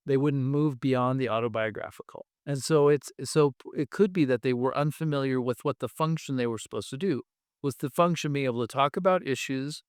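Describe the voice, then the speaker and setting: A man with a smooth, resonant voice speaks as a guest expert, laying out his points one step at a time with examples. The sound is dry and close, with no room around him. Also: mid-range voice, brisk, dry recording. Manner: thoughtful, explains step by step with examples. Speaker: guest expert on language testing. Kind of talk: explanatory interview talk.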